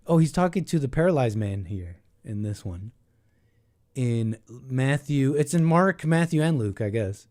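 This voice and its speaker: A man's voice: medium pitch, lively intonation, measured pace, a little mellow. A young man hosting a call-in show, rambling and thinking aloud in casual talk, with many restarts.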